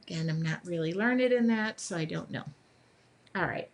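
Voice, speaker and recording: A woman's voice: on the low side, normal speed. Chatty woman teaching a live drawing session. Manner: chatty, upbeat, self-deprecating, thinks aloud while drawing. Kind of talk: casual live demonstration. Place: home art studio.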